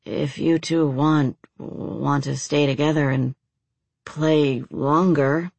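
A woman voicing a relaxed young male college student who talks in a sleepy mumble. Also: deep voice, takes it slowly, vocal fry, husky, no echo, full character voice. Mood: content.

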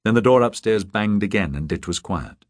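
A man narrating a crime novel audiobook in a measured, even reading. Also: on the low side, dry recording, studio quality. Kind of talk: scripted narration.

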